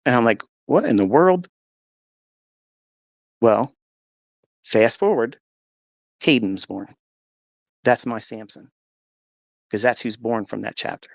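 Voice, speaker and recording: Gravelly man telling an earnest testimony. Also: medium pitch, a little slow, long pauses, no room sound. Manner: earnest, emotional storyteller who acts out dialogue. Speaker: speaker in a live audio chat room. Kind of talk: personal faith testimony, told conversationally. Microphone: personal mic or phone in a live audio room.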